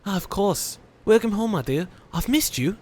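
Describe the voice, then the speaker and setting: A man's voice: expressive, moderate pace, darkish tone. A man voicing a prim middle-aged mother in an exaggerated put-on British accent. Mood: scolding. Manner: mock-posh, raised pitch.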